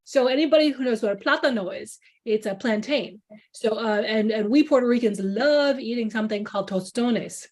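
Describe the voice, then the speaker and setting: A woman with a Chicago accent talks through a book presentation in a chatty, storytelling way. Her voice sits a little high, and she slips into the voices of people she quotes. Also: normal speed, darkish tone. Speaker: culinary journalist, author. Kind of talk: library book talk over video call.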